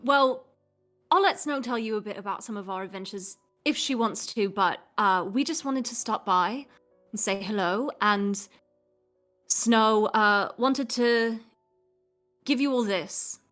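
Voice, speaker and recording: A woman's voice: medium pitch, measured pace, fairly bright tone, faint music behind. Casual woman playing a tabletop game. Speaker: player.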